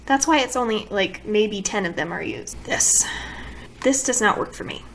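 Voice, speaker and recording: A woman's voice: mid-range voice, animated, normal speed, gravelly, fairly bright tone, slight background noise. A woman beauty vlogger giving a casual product review to camera, complaining dramatically and asking exasperated rhetorical questions.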